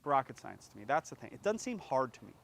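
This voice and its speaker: A man's voice: medium pitch, big pitch swings, quick pace, creaky, fairly bright tone. A man telling casual stories about training dogs, acting out scenes with sound effects and little voices. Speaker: dog trainer in a played clip. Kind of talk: animated casual storytelling.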